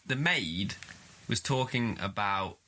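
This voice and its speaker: A man co-hosting a podcast in casual film chat, making measured, agreeable and dry remarks. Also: fairly low pitch, lively intonation, sharp tone, slight background noise. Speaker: podcast co-host.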